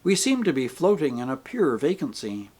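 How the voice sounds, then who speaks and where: A man narrating an audiobook in an expressive, animated way. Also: on the high side, normal speed.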